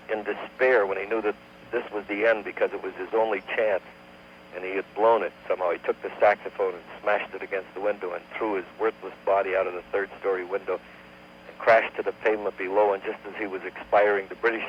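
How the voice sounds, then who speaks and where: A man, a comedian guest on a radio talk show, telling a long joke at an unhurried pace and humming tune bits as he goes. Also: deep voice, steady tone. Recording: dull lo-fi AM radio archive with faint hum.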